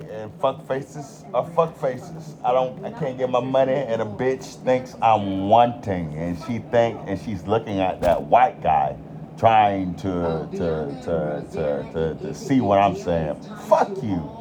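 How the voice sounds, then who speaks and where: A man's voice: fairly low pitch, measured pace, music in the background. A man with an American country accent ranting in a heated, profane monologue. He swears constantly and repeats himself for emphasis. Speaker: commentator.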